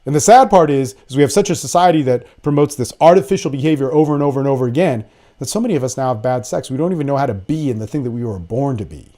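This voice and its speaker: A man's voice: mid-range voice, racing, mellow. A young man hosting a podcast, talking in a blunt, profane, rambling casual monologue. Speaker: podcast host.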